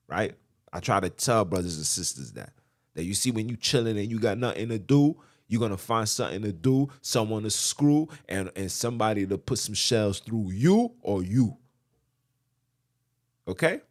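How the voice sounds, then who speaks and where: Emphatic man preaching on a podcast. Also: low-pitched. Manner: emphatic, repetitive, asks the listener "right?". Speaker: podcast host. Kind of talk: preachy podcast monologue quoting scripture.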